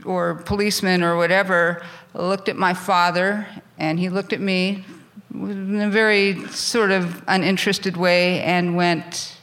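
A middle-aged woman from California tells a true story from her past on stage. She sounds candid and self-mocking, and she laughs at her own mistakes. Her voice has a bright, forceful edge. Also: fairly low pitch, little pitch movement, unhurried, a little hiss or hum. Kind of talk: live personal storytelling.

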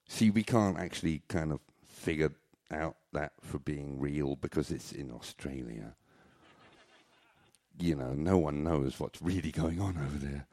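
A man's voice: rumbling low, unhurried, creaky, a little mellow. An older man telling rambling, jokey, self-mocking stories on stage at a live venue. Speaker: storyteller.

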